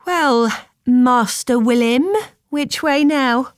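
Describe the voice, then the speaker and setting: A woman voicing a devoted young mother in a storybook, speaking softly and earnestly. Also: mid-range voice, fairly even intonation, unhurried, slightly rough, no room sound, studio quality. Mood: teasing. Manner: soft, earnest and hushed. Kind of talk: storybook reading.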